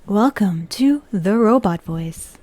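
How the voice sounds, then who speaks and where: A woman putting on a stiff robot voice, speaking commands slowly and flatly during a livestream voice game. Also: medium pitch. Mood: robotic.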